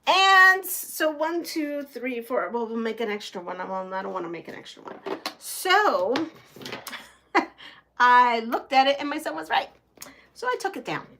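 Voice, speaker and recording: A middle-aged woman talks her viewers through a sewing project in a relaxed, chatty way. Her voice sits high and bright. She takes her time and breaks into laughter often. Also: measured pace. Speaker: quilting channel host. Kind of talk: casual live-stream chat while sewing. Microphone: home live-stream setup.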